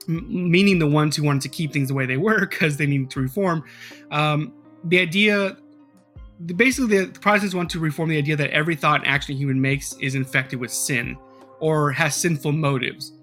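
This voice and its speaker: Fairly high-voiced rambling podcast host man. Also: fairly quick, a bit bright, soft background music. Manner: rambling, filler-heavy, profane storytelling. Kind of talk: casual podcast chat.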